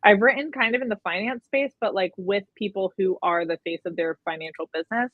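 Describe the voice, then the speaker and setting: A woman's voice: mid-range voice, fairly quick, no echo. Chatty woman on a tinny line. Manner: chatty, frequent "like" and "um". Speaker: guest, personal brand coach. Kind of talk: casual interview chat. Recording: tinny phone-like audio.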